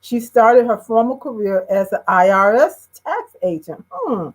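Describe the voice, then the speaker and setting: A woman's voice: on the high side, big pitch swings, a little slow, poor audio. A woman from Chicago co-hosting a livestream, reading a guest's bio aloud with casual asides. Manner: reads a guest bio, adds warm asides. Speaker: co-host.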